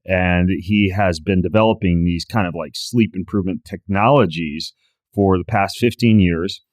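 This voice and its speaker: A male podcast host reading sponsor ads and introducing a guest in a chatty, upbeat way, with quick joking asides. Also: deep voice. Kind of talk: ad reads and show intro.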